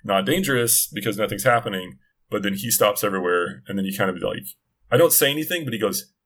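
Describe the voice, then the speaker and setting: A man's voice: lowish voice, quick pace, a bit bright. A middle-aged man chatting casually on a podcast, telling a long story with many restarts and asides. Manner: rambling, self-interrupting storyteller. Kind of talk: casual chat.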